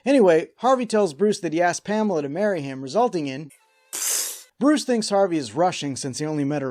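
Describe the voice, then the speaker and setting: A man's voice: a little high, sing-song, fairly quick, a little mellow, soft background music. A man hosting a scripted cartoon episode recap, with wry, sarcastic asides. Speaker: host.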